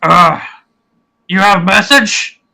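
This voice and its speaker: A man voicing a dim-witted male ogre guard who speaks in halting, repetitive bursts. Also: sits high, bright, forceful tone, heavily acted. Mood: dopey. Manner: halting, repetitive, dopey speech.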